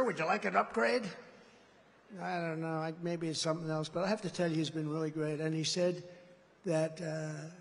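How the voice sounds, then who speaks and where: A man with a high-pitched voice delivers a rambling, boastful rally speech. He drifts from point to point in a digressive way. His words ring out with a long reverb through a large indoor arena. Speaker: political candidate.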